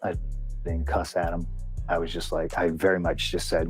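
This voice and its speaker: A pro wrestler appearing as a guest in a long-form interview tells candid stories in a heated, profane way, quoting plenty of dialogue. His low voice is monotone at a normal speed, with faint music in the background.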